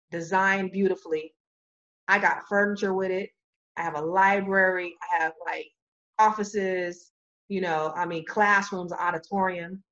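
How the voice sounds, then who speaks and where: A woman telling a long story in casual chat, animated, acting out quoted voices and laughing often. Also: mid-range voice, dull audio. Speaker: real estate business owner.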